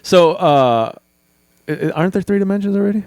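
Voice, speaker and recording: A man's voice: high voice, expressive, a little fast, darkish tone, no echo. A young man co-hosting a podcast, chatting casually, laughing often and telling rambling stories with crude humor. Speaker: podcast co-host. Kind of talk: casual chat.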